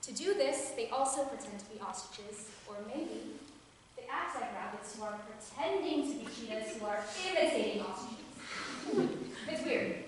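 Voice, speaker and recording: A woman stage actor giving a live solo theatre performance, talking straight to the audience in an animated way and laughing often. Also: a little high, moderate pace, slight background noise. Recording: echoey hall recorded from far off.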